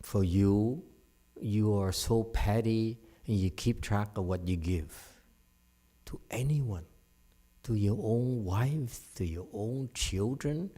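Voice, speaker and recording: A man's voice: on the low side, slow, warm tone. A middle-aged man giving a dharma talk as a Buddhist teacher, frank and scolding, teasing listeners by name and laughing often. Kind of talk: dharma talk to a live audience.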